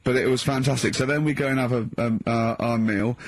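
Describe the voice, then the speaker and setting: A man's voice: steady tone, a little fast, no room sound. A man hosting a podcast who tells a comic story in casual chat and keeps breaking into giggles. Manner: giggly, breaks into high-pitched laughter mid-story. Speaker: podcast host.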